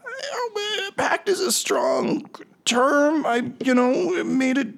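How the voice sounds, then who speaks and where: A man's voice: high voice, big pitch swings, normal speed, pitched above the performer's own voice. A man voicing a cowardly, blubbering male priest who made a pact with a demon, stammering and pleading. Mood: whiny pleading.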